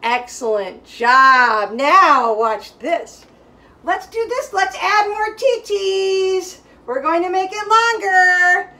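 A woman music teacher leads a lesson for small children, high and bright in tone. She talks at an unhurried pace, spelling things out clearly and cheering the class on. She chants simple rhythm syllables for them to echo back. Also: lively intonation.

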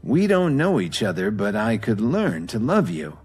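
Man doing a cocky cruel fighter guy, sneering and threatening, husky and raised. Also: on the low side, huge pitch swings, a little slow, faint music behind, full character voice. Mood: smug. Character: arrogant menacing male fighter, cruel and disdainful.

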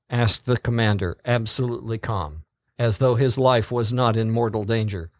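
A man reading a story aloud as narrator, in a slow, steady delivery. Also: medium pitch, no room sound.

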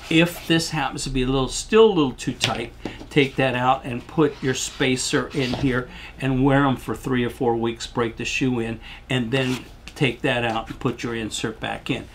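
A man's voice: medium pitch, steady tone, normal speed, a little hiss or hum. An older man giving a rambling, folksy product demonstration as a shoe salesman, losing his voice and coughing now and then.

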